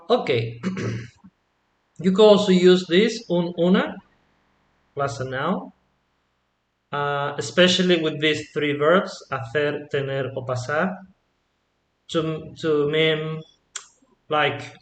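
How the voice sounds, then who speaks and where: A man gives an unhurried language lesson in a fairly high voice, pausing often to check that his listener is following. His voice rings in a noticeably echoey room. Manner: slow, patient explaining with frequent um and yeah?. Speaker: Spanish teacher.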